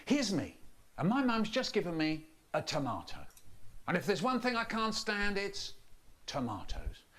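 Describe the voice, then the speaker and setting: A man performing his comic children's poems, telling them in a lively, expressive storytelling voice. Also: on the high side.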